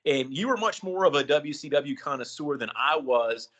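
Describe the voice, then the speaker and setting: A man's voice: fairly high pitch, lively intonation, moderate pace, a bit bright, dull audio. A man co-hosting a wrestling podcast, talking casually and hesitantly, restarting phrases with um and you know. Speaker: podcast co-host.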